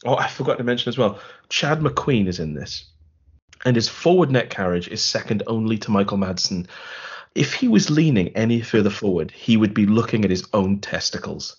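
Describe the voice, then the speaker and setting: A man's voice: fairly low pitch, animated, normal speed, slightly rough, lo-fi sound. A man co-hosting a podcast, recapping a film in a wry, rambling, sarcastic way. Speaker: podcast co-host. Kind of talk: casual film review chat.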